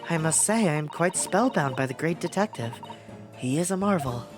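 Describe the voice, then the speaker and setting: Brief: man playing a calm, measured lady museum owner from a story game, lively pitch. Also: music in the background, lightly acted.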